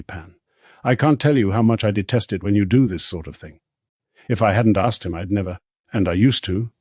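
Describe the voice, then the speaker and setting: A man's voice: lowish voice, a little mellow, slightly rough, no echo, studio quality. A man reading Lyra, a hurt young woman.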